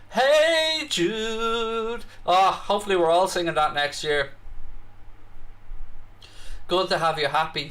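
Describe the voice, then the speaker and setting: Irish man, casual live-stream chat, bright tone, a little high-pitched, chatty and excitable. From Ireland. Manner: chatty, reads out viewer comments, bursts into excited reactions. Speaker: host of a live football watchalong.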